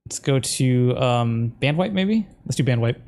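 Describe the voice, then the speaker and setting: A man's voice: medium pitch, expressive, a little slow, a little mellow. A man, a video creator, talking casually to himself as he edits, muttering instructions and breaking into puzzled exclamations. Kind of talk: casual commentary while editing video.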